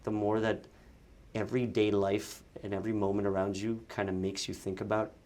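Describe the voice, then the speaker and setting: A man's voice: on the low side, little pitch movement, a little fast, a little mellow. A young man from Montreal, an actor and sketch comedian, chatting in an interview, laughing often and restarting his sentences. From Montreal, Canada. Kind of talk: casual interview chat.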